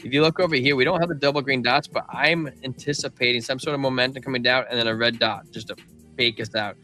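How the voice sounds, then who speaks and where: Bright-voiced casual crypto stream host. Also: male voice, mid-range voice, fairly even intonation, fast talker, soft background music. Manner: casual slangy talk, calls viewers man and bro. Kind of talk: live chart analysis with chat.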